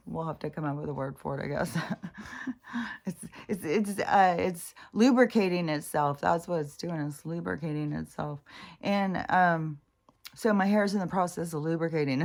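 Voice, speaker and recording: A woman in a casual vlog, rambling and exasperated, swearing freely and growing loud when indignant. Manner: grows loud and high-pitched when indignant. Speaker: vlogger. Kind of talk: casual spiritual vlog rant.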